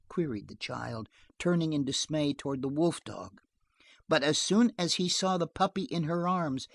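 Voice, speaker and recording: An audiobook narrator reading a western novel aloud in an expressive storytelling manner. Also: medium pitch, normal speed, creaky, no room sound, clean studio sound.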